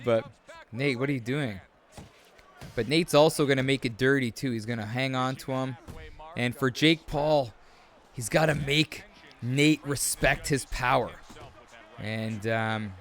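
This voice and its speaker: A man hosting his sports channel, casually commentating a simulated fight live, calling him "man" and "brother" as he goes, with bursts of excitement at big moments. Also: mid-range voice. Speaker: sports commentator and video host. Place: home setup, recording live.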